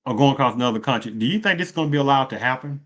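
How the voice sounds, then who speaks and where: A man's voice: medium pitch, animated, rapid-fire, a bit bright. A man giving opinionated political commentary in a rambling way, asking rhetorical questions and often correcting himself. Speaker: video commentator.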